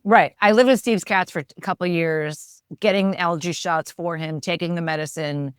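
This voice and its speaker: A middle-aged woman chatting on a podcast with a wry, opinionated edge. Her voice is very low and smooth, recorded dry and close. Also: normal speed, dry recording. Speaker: podcast co-host. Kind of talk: casual chat.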